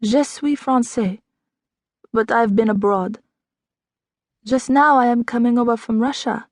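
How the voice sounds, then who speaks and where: Woman doing a young French girl, French accent, higher voice, formal slow English, dry sound. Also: no echo. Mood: calm. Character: young French red-haired woman, mysterious.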